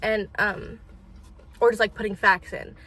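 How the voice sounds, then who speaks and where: A woman's voice: medium pitch, fairly even intonation, unhurried, fairly bright tone. Teen girl venting on a chill podcast, blunt, swears a lot, bit of faint noise behind her. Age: teens. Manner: blunt, swears casually, rambling. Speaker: podcast co-host. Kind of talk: casual chat.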